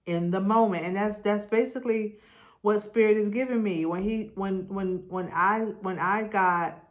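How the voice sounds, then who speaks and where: A woman giving a spiritual tarot reading, talking in a slow, repetitive way and leading the listener through affirmations. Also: mid-range voice. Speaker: tarot reader.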